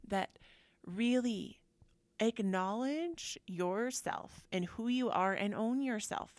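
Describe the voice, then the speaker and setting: A woman talks through her week on her podcast, chatty and animated, acting out the lines people said to her. Her voice carries a gravelly edge and sits at an ordinary pitch. The sound is dry and close. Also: no echo. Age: adult. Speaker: podcast host. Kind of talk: casual personal storytelling.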